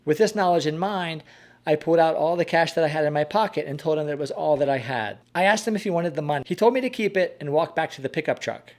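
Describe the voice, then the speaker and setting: Calm man narrating a scripted story. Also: a little high. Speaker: host.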